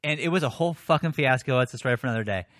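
A man's voice: mid-range voice, rapid-fire. A man co-hosting a podcast, telling a story casually with lots of swearing and self-mockery. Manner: profane, self-mocking, animated. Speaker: podcast co-host.

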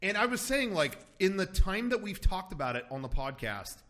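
Male podcast host, animated storyteller who swears freely, bright voice. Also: sits high, moderate pace. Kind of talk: casual chat.

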